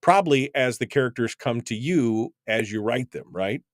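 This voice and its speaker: A man's voice: mid-range voice, animated, moderate pace, no echo, clean studio sound. A man hosting a radio talk show, chatting loosely with many fillers and restarts. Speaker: radio show host and voice actor. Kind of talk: casual radio interview chat.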